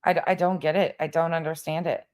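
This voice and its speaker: A woman's voice: low-pitched, fairly even intonation, fast talker, a little mellow. A woman hosting a livestream commentary, frustrated and searching for words. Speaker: commentary host.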